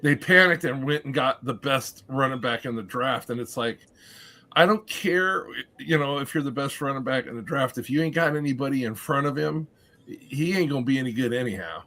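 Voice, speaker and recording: A man who coaches high school football, talking on a podcast panel in a wry, self-deprecating way. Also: normal speed, pushed and bright. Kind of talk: casual podcast chat.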